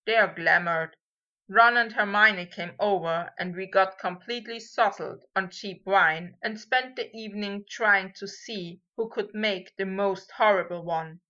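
A woman's voice: medium pitch, measured pace, pushed and bright. A woman voicing a young male wizard painter who talks in a dry, teasing, self-mocking way, on a dull lo-fi recording.

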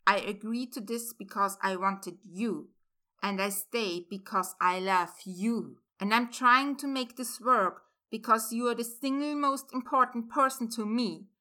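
A woman reading a story aloud, voicing an intense adult man who speaks to his lover in low, murmuring tones. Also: measured pace, pushed and bright. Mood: fierce. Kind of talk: reading fan fiction aloud.

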